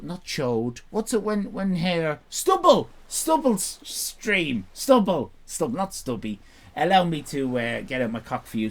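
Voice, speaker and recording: A man's voice: mid-range voice, a little mellow. A man in casual live-stream chat, rambling, sweary and self-mocking.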